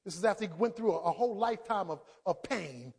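A man preaching a sermon. He drops to quiet asides and then builds to shouted emphasis, acting out quoted voices. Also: high-pitched, expressive, quick pace, vocal fry, husky. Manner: dramatic, acts out quoted speech.

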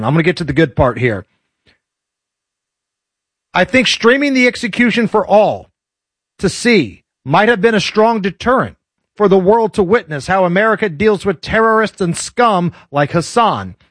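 A man's voice: sits high, lively intonation, normal speed, a bit bright, dry recording. A man hosting a radio talk show, chatting casually with a sardonic, joking delivery.

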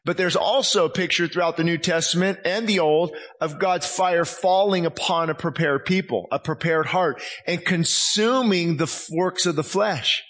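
High-voiced impassioned male preacher. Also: moderate pace, few pauses, a bit bright. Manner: impassioned, acts out quoted voices. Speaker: pastor. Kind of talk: sermon.

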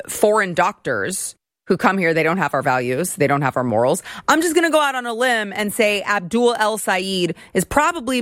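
A woman's voice: fairly low pitch, a bit bright, dry recording, studio quality. A young woman hosting a political talk show, giving a brash, sarcastic, opinionated monologue. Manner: brash, sarcastic, rapid-fire.

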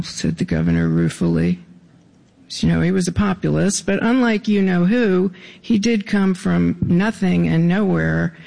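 A man with a fairly high, heavily gravelly voice reads his own stories to a live audience. He delivers them deadpan, tossing in dry, wry asides between passages. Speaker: author reading his own writing.

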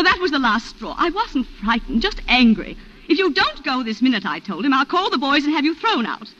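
An actress playing a refined colonial wife who tearfully recounts a shooting, in a 1940s radio drama style. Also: female voice, sits high, pushed and bright, exaggerated voice. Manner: breathless, emotional, refined. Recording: muffled old radio recording.

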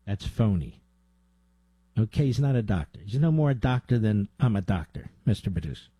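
A man's voice: fairly low pitch, expressive, normal speed, dark tone, breathy edge, dry recording. A man hosting a talk radio show, delivering a combative monologue with sarcastic asides to his producer.

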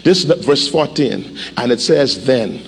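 A male pastor preaching a sermon, animated, with call-and-response and sudden shouts, in a church. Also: mid-range voice, a little slow, vocal fry, slightly rough. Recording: echoey hall, faint ambience.

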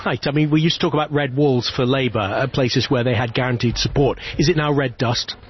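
A male radio news presenter with a mid-pitched voice, interviewing correspondents in an easy, chatty manner. The sound is slightly dull and carries a faint hiss, the way broadcast audio often does. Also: fairly even intonation, a little fast. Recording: muffled broadcast with faint noise.

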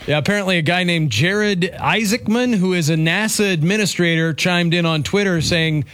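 A man's voice: high voice, normal speed, hardly any pauses, a bit bright, clear, resonant tone, no echo, clean studio sound. A man co-hosting a radio talk show, bantering in a wry, joking way. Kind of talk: casual banter.

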